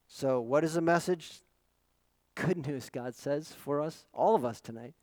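Middle-aged male pastor, high voice, dry close sound, dynamic sermon delivery. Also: unhurried, dry recording, low-quality recording. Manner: dynamic preaching with rhetorical questions, swinging from loud emphasis to quiet asides.

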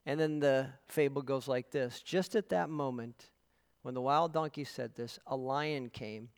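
With a smooth, mid-range voice, a man preaches as pastor at a slightly slow pace. He speaks with earnest emphasis and shares stories with the congregation, his words carried by long hall reverb.

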